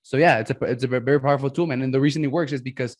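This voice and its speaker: A man's voice: medium pitch, fairly even intonation, racing. A man hosting a podcast, talking enthusiastically and tagging his points with "man" and "right?". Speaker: podcast host. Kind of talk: casual interview talk.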